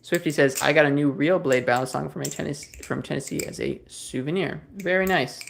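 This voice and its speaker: Gravelly-voiced man chatting on a livestream. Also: on the high side, a little fast, a bit bright, a little hiss or hum. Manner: rambling, easygoing, many fillers and restarts. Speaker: livestream host. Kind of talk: casual livestream chat, reading viewer comments.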